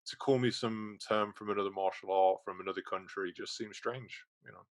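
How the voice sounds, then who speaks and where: Hesitant English martial arts teacher. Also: male voice, lowish voice, fairly even intonation, fairly quick, no echo. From England. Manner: hesitant, restarts often. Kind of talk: casual chat.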